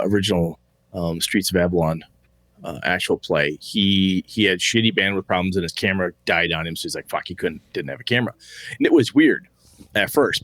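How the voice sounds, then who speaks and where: A man's voice: sits low, a bit bright, no room sound. A man co-hosting a casual podcast, rambling and swearing freely as he reads listener mail. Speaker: podcast co-host.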